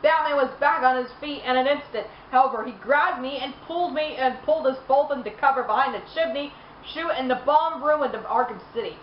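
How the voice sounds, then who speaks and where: A woman streamer reading game lore aloud in an animated way, laughing and exclaiming between passages. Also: high voice, fairly quick, few pauses, roomy sound, dull audio, a little hiss or hum. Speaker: gaming streamer.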